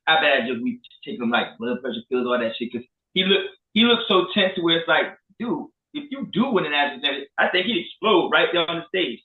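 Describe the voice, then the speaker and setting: A man co-hosting a casual sports talk show, animated and profane. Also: a little high, a little fast, few pauses. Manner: animated, profane, trash-talking. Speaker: co-host. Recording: echoey room, phone-like lo-fi.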